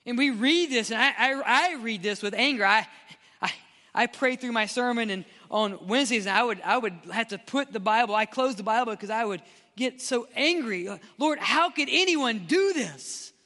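A male pastor, preaching an impassioned sermon that swings between loud and hushed. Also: extremely high pitch, moderate pace, in a large hall.

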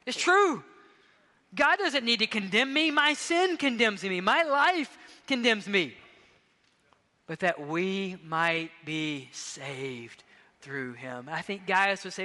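A man preaching from a pulpit with a high, bright, ringing voice. He moves between forceful emphatic lines and soft, hushed ones, and his words trail off into the long reverb of a big church hall. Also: lively intonation, slow. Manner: impassioned, swinging between loud emphatic bursts and hushed intimate passages. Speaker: pastor. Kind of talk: sermon. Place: church sanctuary.

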